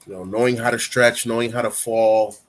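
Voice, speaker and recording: A man's voice: medium pitch, a little fast. Laid-back man hosting a live stream. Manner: relaxed, rambling, heavy use of "you know"; instructive, coaching tone. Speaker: livestream talk show host. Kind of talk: casual live-stream chat.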